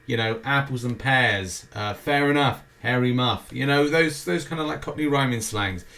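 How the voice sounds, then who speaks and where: A man's voice: medium pitch, moderate pace, vocal fry, bright, forceful tone. A British man hosting a weekly gaming show, rambling through the schedule with jokey, self-mocking asides. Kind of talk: casual weekly game schedule rundown.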